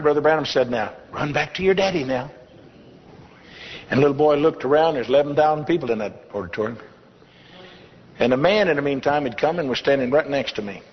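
An older man preaching a testimony sermon in a church, telling his story in a folksy, humorous way. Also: fairly high pitch. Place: church hall. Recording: dull lo-fi recording in a reverberant hall.

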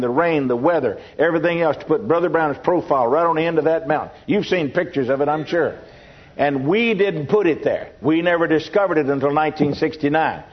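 A man with a Texan accent preaches in a folksy, storytelling way, spinning humorous anecdotes for his congregation. His voice sits a little on the high side. The recording sounds dull and lo-fi, like an old sermon tape. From Texas.

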